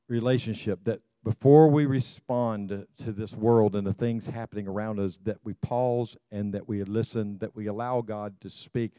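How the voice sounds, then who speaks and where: An older man preaching as a pastor, with a mellow, warm voice and a dry, close sound. He pushes the congregation with repeated calls and stumbles into restarts as he goes. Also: fairly low pitch, smooth, no echo. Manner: exhorting, repeats "come on" to the congregation. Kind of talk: sermon.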